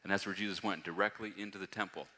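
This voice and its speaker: A man preaching a sermon, reading scripture aloud and rising to loud, emphatic passages. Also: low voice, steady tone, quick pace. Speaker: pastor. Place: church hall. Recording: long hall reverb.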